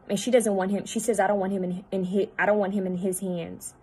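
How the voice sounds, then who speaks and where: A woman psychic medium talking at home, relaying messages in a halting, repetitive way that often drops to a hushed voice. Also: medium pitch, flat delivery, husky, low-quality recording. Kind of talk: spirit-channeling video monologue.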